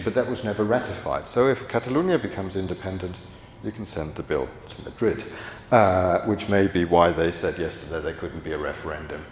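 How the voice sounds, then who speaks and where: A man's voice: low-pitched, a little hiss or hum. A middle-aged man giving a rambling conference lecture, full of restarts and fillers. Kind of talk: conference talk. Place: conference hall. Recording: echoey hall from afar.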